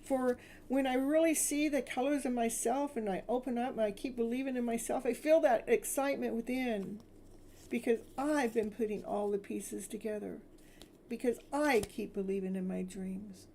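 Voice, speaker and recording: Woman, tarot reader, soothing affirmations, mellow tone, faint noise. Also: fairly high pitch, steady tone. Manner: soothing, repeats affirmations slowly. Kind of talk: spiritual affirmation reading.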